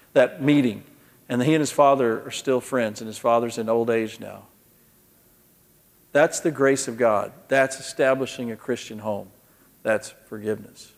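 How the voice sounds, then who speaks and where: A man giving an earnest sermon-style talk at a conference, telling a story with frequent restarts and ending in prayer. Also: medium pitch. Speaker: conference speaker. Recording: long hall reverb.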